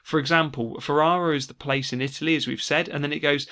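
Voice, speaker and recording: A man teaching an exam revision lesson, explaining steadily and slowing down to stress key words. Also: mid-range voice, fairly even intonation, bright, forceful tone. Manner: explanatory, repeats key words slowly for emphasis. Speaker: English teacher.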